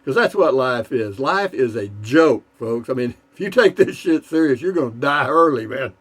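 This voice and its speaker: Man, casual joke-telling vlog, rambling folksy delivery, mid-pitched voice, lots of fillers. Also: lively intonation, normal speed. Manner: toasting and drinking beer between jokes.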